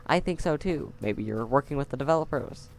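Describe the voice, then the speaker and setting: A gravelly-voiced man gives chatty, sarcastic let's-play commentary into a close mic at home. His pitch sits mid-range, and a faint hiss lies under it. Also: lively intonation, fairly quick. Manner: wry, chatty, sarcastic asides and laughs. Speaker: game player. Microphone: close desk mic.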